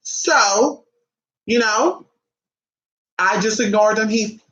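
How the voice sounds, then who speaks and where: Young adult woman, casual storyteller, profane and animated, bright tone, roomy echo. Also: mid-range voice, extremely slow. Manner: animated, profane, acts out quotes in shifting voices. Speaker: vlogger. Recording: echoey room.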